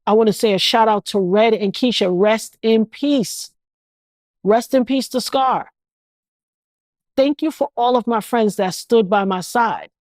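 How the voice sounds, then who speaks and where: A woman's voice: fairly high pitch, unhurried, darkish tone, no room sound. A woman in her fifties, an interview guest speaking with an emphatic, repetitive, preacher-like cadence. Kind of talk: emotional interview.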